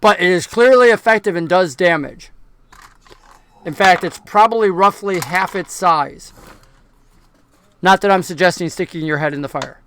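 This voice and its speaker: A man narrating and explaining rules as game master of a tabletop game, relaxed and patient. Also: high voice, moderate pace, long pauses, a little hiss or hum.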